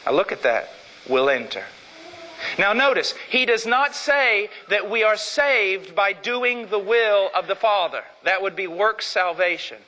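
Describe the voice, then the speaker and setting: A man's voice: high-pitched, lively intonation, unhurried, pushed and bright. A man preaching an emphatic sermon with much repetition. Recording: long hall reverb.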